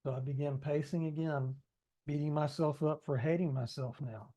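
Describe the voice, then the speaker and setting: A man's voice: on the high side, steady tone, moderate pace, warm tone. A man reading his own book aloud in a conversational way, adding asides and speaking straight to listeners. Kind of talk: audiobook narration with ad-libbed asides.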